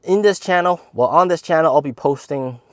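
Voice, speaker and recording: Hosting his channel, a man in his thirties casually tells a funny story to camera, speaking a little fast and animatedly jumping into high voices to quote people. The recording is dry with clean studio sound.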